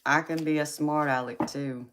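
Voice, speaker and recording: A woman's voice: sits low, fairly even intonation, normal speed, background noise. A woman chatting with viewers on a live tarot stream, teasing and folksy, laughing often. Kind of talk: casual live chat with viewers.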